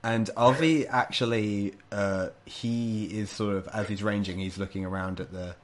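A man narrating a tabletop game as game master, halting with many fillers. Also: lowish voice, steady tone.

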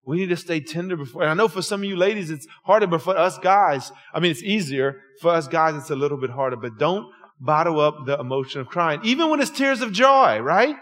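A middle-aged man preaching a folksy sermon, calling out to the congregation and dropping from loud, lively bursts to low, soft stretches. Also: brisk, few pauses. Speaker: pastor.

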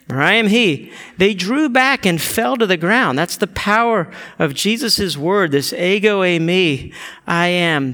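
High-voiced guy preaching, tells the bible stories with feeling, gets loud at the big moments. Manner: storytelling preacher, acts out quotes, rises to loud emotional peaks. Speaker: pastor. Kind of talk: sermon.

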